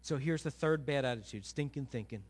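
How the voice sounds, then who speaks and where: A man preaching a sermon as a pastor, animated, acting out quoted voices, swinging from quiet to loud. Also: mid-range voice, a little fast, husky.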